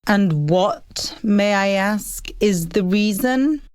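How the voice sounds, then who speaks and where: A woman's voice: medium pitch, clear, resonant tone, no echo, clean studio sound, close to an everyday voice. A woman voicing a defensive, impatient mother. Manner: brisk and defensive. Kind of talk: animated story dialogue.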